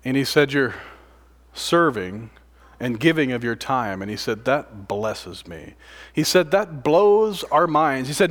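A man preaching a sermon, retelling another man's story in his words, swinging between loud passages and near-whispers. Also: mid-range voice, sing-song, measured pace. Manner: dramatic, swings from loud to hushed.

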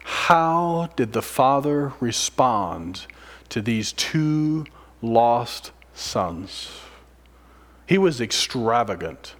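A man in the middle of a sermon, with a voice of ordinary pitch for a man. He keeps changing his delivery, climbing to loud, excited peaks and then dropping to a near-whisper. He asks his listeners one rhetorical question after another. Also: very slow. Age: adult, a father of sons. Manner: dramatic, swinging from loud exclamation to hushed near-whisper. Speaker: preacher.

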